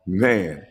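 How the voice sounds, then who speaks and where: Low-voiced aggrieved American man, reverberant. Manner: aggrieved, repetitive, swearing freely. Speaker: commentator reacting to a clip. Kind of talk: casual reaction commentary.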